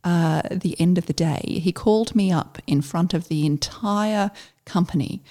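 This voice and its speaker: A middle-aged woman, a former army officer, telling a story in casual conversation, halting and full of fillers. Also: lowish voice, mellow. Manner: halting, with many fillers and restarts.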